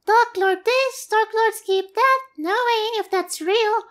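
A woman's voice: unhurried, fairly bright tone. A woman voicing a tiny, chirpy fairy companion girl who talks about herself by name, in a game. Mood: puzzled. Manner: chatty, squeaky, refers to herself by name.

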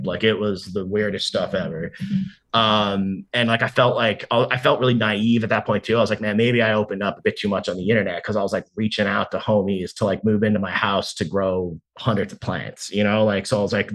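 Swearing freely and leaning hard on "like," a man around forty tells a casual story as an interview guest, acting out the lines people spoke. His voice is lowish and a bit bright.

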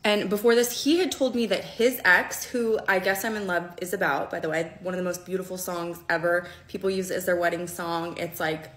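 Woman doing storytime, kinda low voice, keeps saying okay?. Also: steady tone, fairly quick, few pauses, fairly bright tone. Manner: conversational, checks in with "okay?". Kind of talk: storytime recounting.

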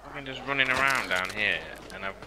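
A man's voice: mid-range voice, quick pace, background noise. A man playing a co-op zombie game with friends, swearing freely and telling stories in casual chat. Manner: swears freely, tells stories with a lively rise and fall. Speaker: gamer. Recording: voice chat over loud game sounds.

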